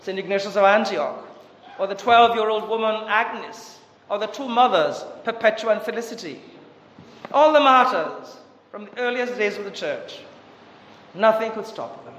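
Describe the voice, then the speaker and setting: A man preaching a Catholic sermon with passion, asking rhetorical questions and swinging between loud urgency and hushed tones. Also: high-pitched, lively intonation, normal speed. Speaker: Catholic priest. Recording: echoey church with long reverb.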